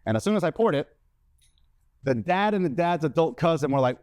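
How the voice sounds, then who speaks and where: A man's voice: fairly high pitch, expressive, brisk, a little mellow, no room sound. A man doing stand-up comedy, telling a story in a brash manner and acting out the lines of other people in put-on voices.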